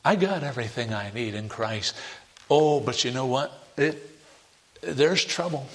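A man preaching a sermon in a folksy, emphatic way, his voice jumping high on key words. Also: moderate pace, fairly bright tone. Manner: folksy, uses many fillers and asides.

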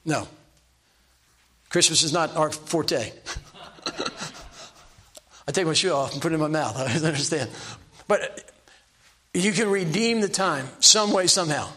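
A man's voice: on the high side, unhurried, long pauses, pushed and bright, slightly rough. An older man preaching a sermon from the pulpit in a folksy, self-deprecating way, repeating his exhortations. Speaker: pastor.

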